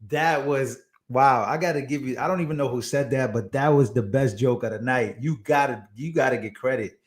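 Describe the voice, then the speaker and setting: A man speaks in casual livestream banter, his English carrying a Hispanic accent. His voice sits at an ordinary middle pitch. He laughs at himself and trips over long words as he reads. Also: moderate pace, few pauses. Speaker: political livestream host.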